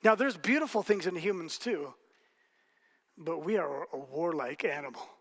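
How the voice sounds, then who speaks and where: A man's voice: a little high, lively intonation, moderate pace. A man preaching a sermon as pastor, telling stories casually with jokes and asides to the congregation. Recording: hall reverb.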